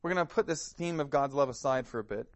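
A man preaches a sermon at medium pitch and a fast clip, with no echo. He's earnest and asks searching questions, sometimes repeating words as he begins a phrase.

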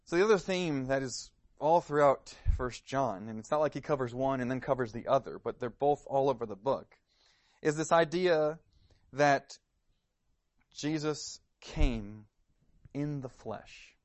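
A man's voice: medium pitch, moderate pace, no echo. Male preacher, earnest sermon delivery, probing questions, dry sound. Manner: earnest, searching questions, some stammered repeats.

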